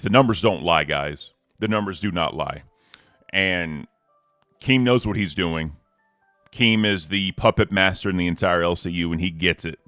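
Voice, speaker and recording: A man hosting a casual livestream, laid-back and slangy, giving hype shout-outs to the community. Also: low-pitched, no echo. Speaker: host.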